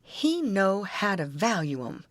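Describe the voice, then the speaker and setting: A woman's voice: mid-range voice, big pitch swings, takes it slowly, no room sound. A woman reading an audiobook, voicing a stubborn, argumentative grown man with an insistent folksy drawl.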